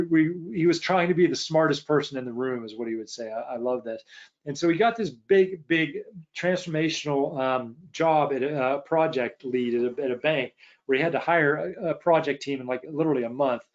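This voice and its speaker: A man's voice: on the high side, muffled recording. A man coaching leadership in a webinar, talking emphatically with frequent restarts and repeated words. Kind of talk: webinar presentation.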